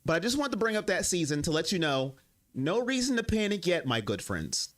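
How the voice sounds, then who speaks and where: A young man hosting a sports live stream, reading and answering viewer comments, swinging between heated rants and quiet apologies. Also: high voice, big pitch swings, fairly quick.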